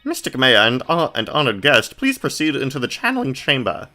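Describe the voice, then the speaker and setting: A man's voice: medium pitch, wildly swooping pitch, a little fast, pushed and bright, voice pushed up. Man doing a prim old auntie, raised voice, formal and stiff. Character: stern older woman, a formal head of the family.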